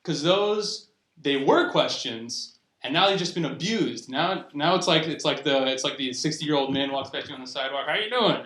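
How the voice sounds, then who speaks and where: A man's voice: on the high side, a bit bright. A young man performing a stand-up comedy set at a live show, rambling and restarting his sentences as he goes. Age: young adult. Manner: rambling, self-interrupting delivery with restarts. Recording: roomy live recording with faint noise. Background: audience laughter.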